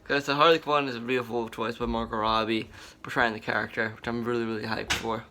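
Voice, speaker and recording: A man hosting a casual commentary vlog, talking in an excited, rambling way with many fillers and restarts. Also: medium pitch, fast talker, noisy background. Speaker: vlogger.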